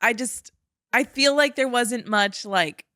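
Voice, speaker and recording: A young woman co-hosting a book podcast in casual chat, blunt and expressive, laughing often. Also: fairly high pitch, slow, dry recording, clean studio sound. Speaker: podcast co-host.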